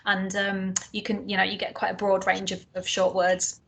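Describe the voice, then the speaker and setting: A woman's voice: medium pitch, completely flat delivery, normal speed, vocal fry, a bit bright. A woman with a Northern English accent giving an online lecture to trainee teachers, chatty with many ums and restarts. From Northern England.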